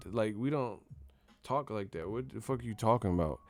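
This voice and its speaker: A man's voice: lowish voice, a little fast, no echo. A man hosting a boxing channel, ranting casually with profane, mocking, slang-heavy talk. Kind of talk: casual rant to camera.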